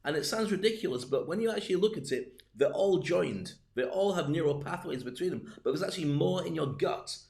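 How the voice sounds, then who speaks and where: Older man, speaking coach, playful, jokey, fairly high voice. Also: a little fast, creaky, few pauses. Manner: playful, jokey storytelling with lots of asides; animated, acts out little scenes. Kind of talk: livestream talk.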